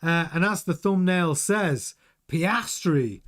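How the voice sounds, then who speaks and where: A man's voice: high-pitched, lively intonation, measured pace. A man hosting a daily motorsport news show, chatting frankly and giving his opinions while greeting viewers in the live chat. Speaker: news channel host.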